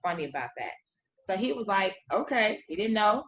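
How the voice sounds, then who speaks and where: A woman guest in casual chat, telling a lively story, acting out quotes and laughing often. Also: medium pitch, moderate pace, echoey room, a little hiss or hum, rough recording.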